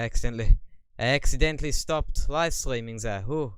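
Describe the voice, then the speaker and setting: A man chatting on a live stream, reading viewer questions aloud and answering them in a rambling, wry, deadpan way. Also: medium pitch, a little fast, hardly any pauses, clear, resonant tone, dry recording. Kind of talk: casual live stream chat.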